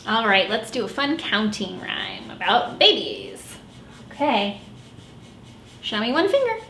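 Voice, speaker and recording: A woman children's librarian reading a picture book aloud at storytime in an animated, expressive way. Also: sits high. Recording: echoey room with faint noise.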